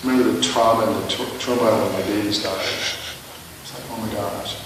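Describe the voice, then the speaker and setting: Male minister, sermon, self-mocking, rhetorical questions, booming echo, distant mic. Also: fairly even intonation, fairly quick, a bit bright, slight background noise. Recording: echoey hall, mic at a distance.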